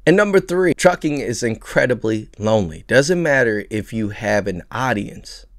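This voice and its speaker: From his truck cab, a man with a New York accent rants casually into the camera for his vlog. His medium-pitched voice moves at a normal pace with hardly any pauses, animated and full of stammered restarts and mocking put-on voices, captured cleanly with no echo in studio-quality sound.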